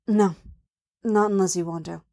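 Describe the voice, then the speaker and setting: Woman voicing a gruff male bounty hunter. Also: fairly low pitch, animated, a little slow. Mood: hushed.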